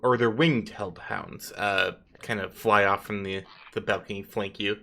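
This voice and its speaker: A man's voice: on the low side, steady tone, a little slow, vocal fry, bright, forceful tone. A man running a tabletop game as game master, narrating loosely with chuckles and fillers.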